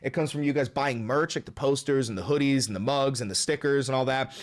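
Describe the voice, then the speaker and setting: A man's voice: mid-range voice, brisk. A man hosting his own political commentary show, ranting casually and swearing constantly in a blunt, fired-up way. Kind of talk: casual profane political rant.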